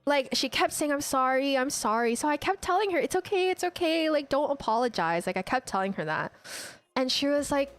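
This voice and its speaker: A young woman streamer chatting casually, telling an animated story full of "like" and restarts. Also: sits high, brisk, dry recording, soft background music. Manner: animated storytelling, heavy use of "like". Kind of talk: casual chat.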